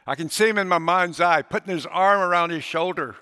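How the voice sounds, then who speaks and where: Bright-voiced preacher in a reverberant hall. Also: male voice, high-pitched, a little fast, smooth. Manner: storytelling preacher voicing characters in quotes. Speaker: pastor. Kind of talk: sermon. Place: church sanctuary. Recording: long reverb of a large hall.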